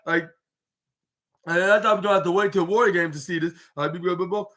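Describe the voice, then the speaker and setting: A man's voice: high voice, fairly even intonation, a little fast, fairly bright tone. A man hosting a podcast, recapping wrestling in a rambling, casual way full of "like" and restarts, acting out what the wrestlers said. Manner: rambling, heavy use of "like" and restarts, acts out quotes. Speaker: podcast host.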